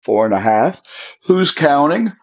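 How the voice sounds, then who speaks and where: A man's voice: fairly high pitch, big pitch swings, measured pace, slight background noise. A man talking casually on his own, sleepy and yawning, rambling with restarts as he tells his thoughts. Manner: rambling, chatty, with self-interrupting restarts. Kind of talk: casual solo monologue. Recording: dull lo-fi recording.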